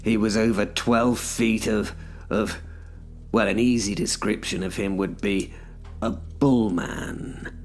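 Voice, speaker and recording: A man's voice: fairly low pitch, fairly even intonation, takes it slowly, soft background music. A man narrating a first-person story in a dry, wry storytelling manner.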